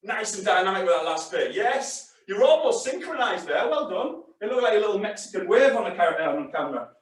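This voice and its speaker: A man's voice: high-pitched, sing-song, a little fast. A male fitness instructor leading a live class, chatty and encouraging, calling short exercise cues. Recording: very echoey room, distant mic.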